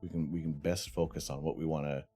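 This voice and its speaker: A man's voice: extremely low pitch, little pitch movement, quick pace, mellow, husky, faint music behind. A man from Canada hosting a casual charity livestream, chatty and teasing, laughing often. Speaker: stream host.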